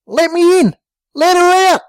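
A rough, scheming young bloke talks excitably and swears in a raised voice, as a man acts him out. His pitch jumps around a lot. The recording is dry and close. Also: normal speed, no echo. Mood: alarmed. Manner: excitable, swearing, shouting in alarm.

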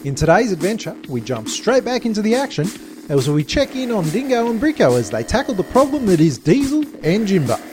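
A man narrating a comic story in a profane, expressive way. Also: sits high, fairly quick, over music.

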